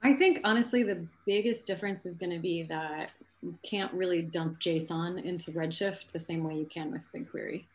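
Low-voiced woman giving a casual tech talk. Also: moderate pace. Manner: casual, relaxed, with frequent um fillers. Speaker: speaker at a tech meetup. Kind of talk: conference talk and Q&A answers.

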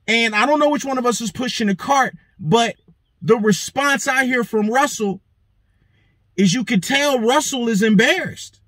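A man's voice: very high-pitched, moderate pace, no room sound. A man hosting a show, telling a story in a profane monologue and acting out the lines of the people in it. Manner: animated, swears heavily, acts out quoted lines. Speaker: show host.

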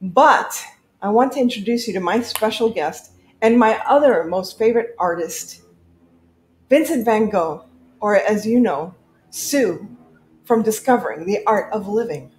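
A woman's voice: medium pitch, expressive, a little slow, a little mellow, a little hiss or hum. Brief: upbeat craft-channel host, woman, roomy echo. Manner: playful, upbeat. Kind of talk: livestream chat.

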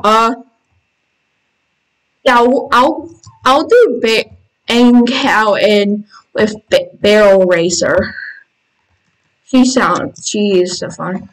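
A woman hosting a gaming channel, giving excitable casual commentary while playing and reading game text aloud, squealing when panicked. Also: medium pitch, low-quality recording. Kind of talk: casual let's-play commentary.

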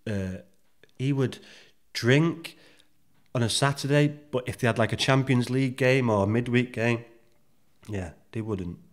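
A man's voice: mid-range voice, measured pace, pauses often. A man guest on a podcast, telling rambling anecdotes bluntly and swearing freely. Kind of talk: casual storytelling interview.

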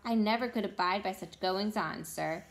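A woman's voice: mid-range voice, normal speed, lightly acted. A woman voicing a humble working-class cab driver in a storybook read-aloud, talking in a plain, deferential, folksy way.

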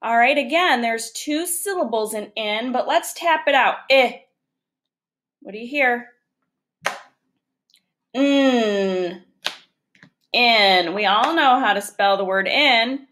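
Slow, patient woman teaching phonics. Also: a little high, animated, fairly bright tone. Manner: patient, slow, sounds out letters one by one. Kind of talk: recorded phonics lesson for young children.

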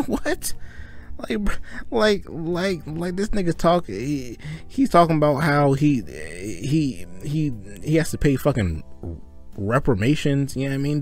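A man's voice: fairly high pitch, a little mellow. A man giving rambling, mocking commentary in a casual, profane way, breaking off to laugh. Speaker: commentary video host.

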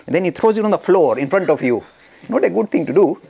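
A male teacher tells a story with animated energy, often laughing and restarting his sentences. His pitch swings widely. The voice has a gravelly, husky texture. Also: fast. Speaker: religious studies teacher. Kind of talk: storytelling lecture.

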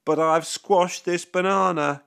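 A man voicing an excitable young girl frog in a children's story, crying out shrilly. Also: high voice, unhurried, vocal fry, clean tone, voice pushed up, full character voice. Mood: relieved. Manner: squealing, cries out in panic. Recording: noisy background hiss.

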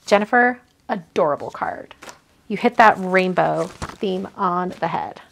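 A woman's voice: on the low side, moderate pace, vocal fry. A woman hosting a casual livestream, chatting and gushing as she opens cards sent by viewers. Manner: gushing, chatty, thinks aloud with many fillers. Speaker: card-making livestream host. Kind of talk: casual live chat while opening mail.

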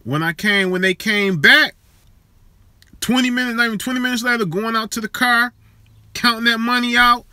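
A man's voice: very high voice, fairly even intonation, moderate pace, pushed and bright, clean tone, dry recording, studio quality. A man hosting a live show, chatting casually and profanely with viewers in a streetwise way.

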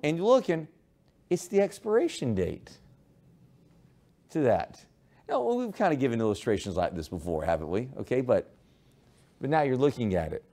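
A man teaches a class, spinning a playful story and addressing students by name. His voice is warm and mellow, and his pitch swoops around a lot as he goes. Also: sing-song, moderate pace, pauses often. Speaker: high school history teacher. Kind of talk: classroom lecture with humorous illustration.

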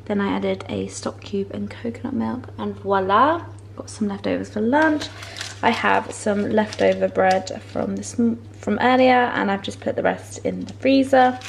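A woman's voice: medium pitch, a little slow, creaky. A young woman chatting casually in a home vlog, bubbly and effusive, laughing often as she talks. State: out of breath. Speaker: lifestyle vlogger. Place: her flat at home.

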